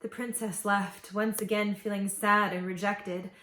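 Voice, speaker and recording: A woman reading an original fairy tale aloud to children, with gentle, expressive storytelling. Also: mid-range voice, a little slow. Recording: echoey room.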